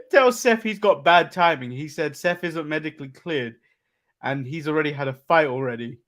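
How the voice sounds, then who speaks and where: English man recapping wrestling, slightly high. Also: a bit bright. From England. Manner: recaps events step by step with many "uh" pauses, chuckles. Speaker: podcast co-host. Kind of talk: casual wrestling recap chat.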